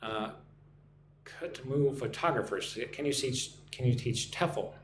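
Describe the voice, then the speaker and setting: An American man leads a live-streamed English lesson at a slow, deliberate pace, spelling out and repeating phrases for learners to shadow. His voice sits at an ordinary middle pitch. It is recorded on a computer mic in an echoey room with faint noise underneath. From United States. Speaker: online English teacher.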